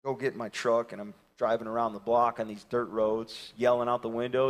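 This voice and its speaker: A man in his thirties preaching a sermon and telling a story, swinging from loud calls to hushed near-whispers. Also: mid-range voice, fairly even intonation, moderate pace, long reverb tail. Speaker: pastor.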